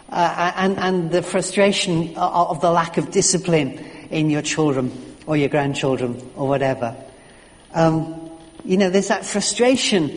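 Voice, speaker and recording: A preacher delivers a sermon in a relaxed, conversational way, often stopping to restart and repeat words. The voice sits at a middling pitch. It rings out with the long reverb of a church hall.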